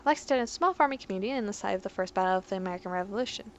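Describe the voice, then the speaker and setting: A woman casually reads game lore aloud, stumbling on words and breaking off for wry asides. Her voice sits at a middling pitch over a faint hum in the background. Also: expressive, racing, highs cut off. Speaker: let's play host. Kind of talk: casual gameplay commentary.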